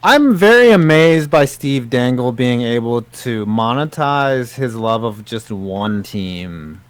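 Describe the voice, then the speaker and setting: A man's voice: medium pitch, lively intonation, takes it slowly, no room sound. A man co-hosting a casual podcast, joking around with crude, loose banter. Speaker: podcast co-host.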